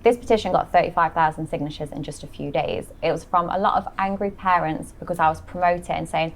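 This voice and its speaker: A woman's voice: fairly low pitch, steady tone, fast talker, few pauses. A woman guest in a casual interview, speaking frankly and matter-of-factly.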